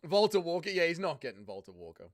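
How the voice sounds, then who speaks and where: A man's voice: a little high, sing-song, fast talker. A young Australian man hosting a casual fight watch-along stream, joking, swearing and answering chat. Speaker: livestream host.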